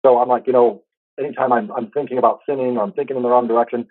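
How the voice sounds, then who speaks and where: A man in his thirties telling a heartfelt personal story in a casual, halting way, full of restarts. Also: mid-range voice, fairly even intonation, no echo, narrow, tinny audio. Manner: fast, halting, with many restarts and fillers; earnest, heartfelt. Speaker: podcast host.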